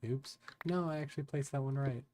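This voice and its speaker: A man's voice: medium pitch, a little fast, background noise. A man casually chatting on his live stream as he plays, in a rambling, laid-back way with lots of filler words. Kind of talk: casual live-stream chat while gaming.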